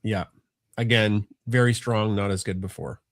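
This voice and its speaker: A man's voice: lowish voice, fairly even intonation, moderate pace, dry recording, clean studio sound. A middle-aged man, chatting casually on a family podcast, rambling and restarting often. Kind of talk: casual chat.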